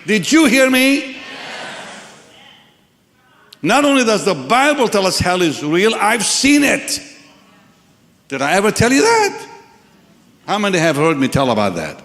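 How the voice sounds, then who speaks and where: An older male preacher with a fairly high voice, delivering a dramatic sermon that rises and falls widely in pitch. He moves from near-whispers to shouts. The sound carries the long echo of a large hall. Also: wildly swooping pitch, a little slow, pauses often. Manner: dramatic, swings from hushed to shouting. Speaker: pastor. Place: large church or crusade hall with congregation.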